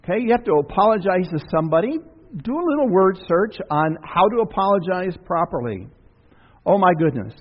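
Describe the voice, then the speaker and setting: Speaking a little fast in a high, sing-song voice, a pastor preaches to his congregation in a folksy, conversational manner full of asides and questions. The church sanctuary recording sounds dull, with long reverb.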